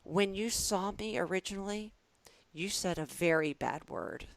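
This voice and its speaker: A woman putting on the voice of a polite, earnest six-year-old boy who calmly corrects an adult. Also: medium pitch, a little slow, no room sound, close to an everyday voice. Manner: calm, matter-of-fact, correcting.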